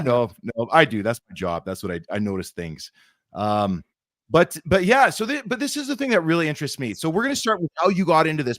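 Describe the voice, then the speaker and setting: A man co-hosting a podcast, asking long setup questions in a relaxed, chatty way. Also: mid-range voice, no echo, clean studio sound. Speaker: podcast co-host. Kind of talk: casual interview chat.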